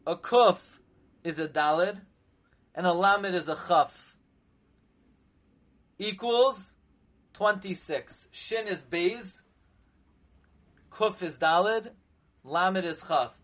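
A man teaching a sermon in a slow, emphatic way, sometimes chanting verses in a singsong and hitting words with sudden loud stresses. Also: high voice. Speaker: rabbi teaching Torah.

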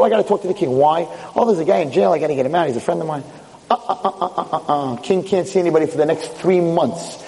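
Animated man telling a story in a hall. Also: fairly high pitch. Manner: acts out each character with shifting voices. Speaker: rabbi giving a lecture. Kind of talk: storytelling sermon. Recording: hall reverb.

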